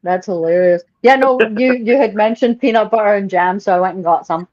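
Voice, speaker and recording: Female co-host, chatty and enthusiastic, medium pitch, dry muffled home mic. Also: fairly quick, a little mellow, dry recording. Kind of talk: casual chat. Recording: dry, dull lo-fi audio.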